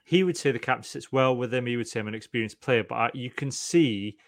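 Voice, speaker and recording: A man co-hosting a podcast, telling stories in a lively, animated way and mimicking the people he talks about. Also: mid-range voice, fast, no room sound. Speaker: podcast co-host. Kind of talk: casual sports chat.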